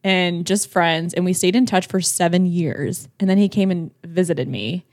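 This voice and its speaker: A young woman co-hosting a podcast, chatting casually with a friend, swearing freely and rushing through stories. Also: on the low side, darkish tone, no echo, clean studio sound. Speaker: podcast co-host. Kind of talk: casual chat.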